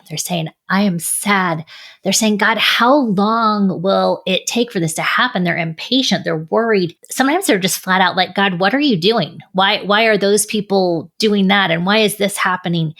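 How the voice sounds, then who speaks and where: A woman's voice: fairly low pitch, gravelly. A middle-aged woman sharing her faith story in an earnest, reflective way, an author and speaker. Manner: earnest, reflective, with soft laughs. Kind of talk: personal faith testimony.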